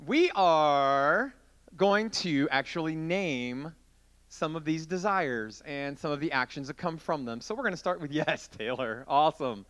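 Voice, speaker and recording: Man, youth pastor, playful sermon delivery, bright voice with a high, bouncy pitch. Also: measured pace. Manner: playful, joking, animated with volunteers. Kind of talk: interactive youth group sermon.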